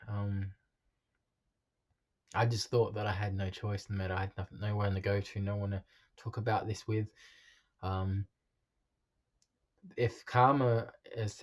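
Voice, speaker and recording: A man telling his own life story in a halting, confessional way, with frequent ums and restarts. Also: lowish voice, darkish tone.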